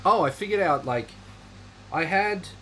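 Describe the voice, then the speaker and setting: Slow, rambling man on a livestream. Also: high-pitched, expressive, bright, forceful tone, faint music behind, poor audio. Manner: rambling, dry and offhand. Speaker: livestream host. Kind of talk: casual livestream chat.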